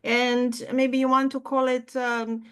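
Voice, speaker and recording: Higher-voiced woman host, searching for words. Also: little pitch movement, slow pace, a bit bright, smooth. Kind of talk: conversational interview.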